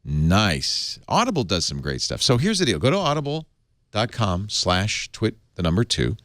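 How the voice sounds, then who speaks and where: A man's voice: on the low side, huge pitch swings, normal speed, fairly bright tone, dry recording, clean studio sound. A man hosting a tech talk show, reading an ad in an enthusiastic, chatty, rambling way. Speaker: podcast host.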